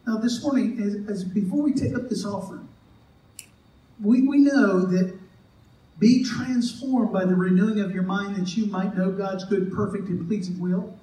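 A male pastor's high-pitched voice, dark in tone and at normal speed, is picked up by a far-off mic in an echoey church hall. Preaching in the sanctuary, he keeps things joking and conversational, performing the voices of those he quotes.

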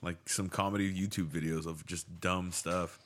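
A man's voice: low voice, steady tone, normal speed. A young man co-hosting a casual podcast, laid-back, calling people "man" and "dude". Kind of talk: casual chat.

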